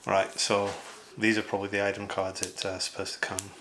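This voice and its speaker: A man's voice: fairly low pitch, monotone, fairly quick, background noise. A man chatting casually as he unboxes a board game, rambling with lots of fillers and asides.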